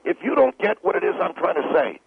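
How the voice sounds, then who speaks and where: Brash, gravelly man on a phone line. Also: fairly high pitch, wildly swooping pitch, quick pace, dry recording. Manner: brash, condescending and insulting. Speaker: radio show guest. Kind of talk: call-in talk radio banter. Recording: tinny phone line with faint hiss.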